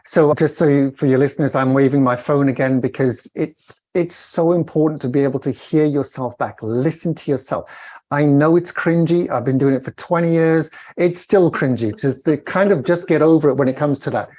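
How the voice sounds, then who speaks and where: A middle-aged Welsh man, a communication coach on a podcast, talking expressively and demonstrating inflection with swings in pitch. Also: normal speed, a little mellow. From Wales. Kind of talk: podcast interview.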